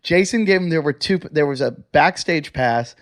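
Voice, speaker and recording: Man, podcast co-host, a little higher-pitched than most, blunt deadpan humor, casual chat. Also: moderate pace.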